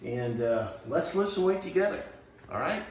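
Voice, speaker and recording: A man's voice: fairly high pitch, big pitch swings, moderate pace, echoey room, distant mic, slight background noise. A man in his sixties, chatting in a folksy, rambling, self-joking way while cooking at home. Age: 60s. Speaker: vlogger. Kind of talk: casual kitchen vlog. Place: home kitchen.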